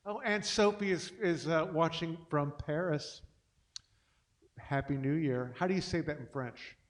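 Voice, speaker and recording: Chatty man, higher voice. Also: measured pace. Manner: chatty, self-deprecating, rambling. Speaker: host and singer-pianist. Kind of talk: casual livestream chat between songs.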